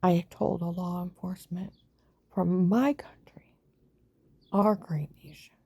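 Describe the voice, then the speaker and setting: Gravelly, husky-voiced woman ranting. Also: steady tone, slow pace, pauses often. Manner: agitated, swings between loud outbursts and low whispers. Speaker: vlogger. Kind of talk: rambling monologue to camera.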